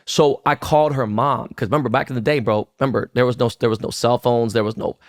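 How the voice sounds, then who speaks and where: A man's voice: mid-range voice, steady tone, quick pace. A man in his fifties telling a story on a podcast in casual, profane slang, acting out quoted lines. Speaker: podcast co-host.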